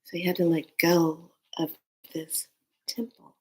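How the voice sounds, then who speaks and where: A woman telling an emotional personal story, earnest and intense, sometimes dropping to a hushed whisper and sometimes rising in anger. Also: lowish voice, level tone, measured pace. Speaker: storyteller recounting a loss.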